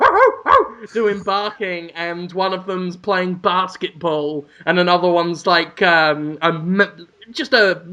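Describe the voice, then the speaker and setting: A man's voice: high-pitched, pushed and bright. A man from the United Kingdom co-hosting a podcast, telling a rambling story in a wry, casual way. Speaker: podcast co-host. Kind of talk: casual chat.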